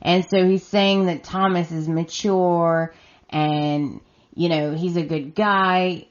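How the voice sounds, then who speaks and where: A woman hosts a podcast and recaps the week's episodes in a slow, unhurried voice pitched a little low. She talks casually and with exasperation. The recording sounds dull and lo-fi. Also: fairly even intonation. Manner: chatty and exasperated, acting out her reactions. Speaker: podcast host. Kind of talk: casual recap of a soap opera.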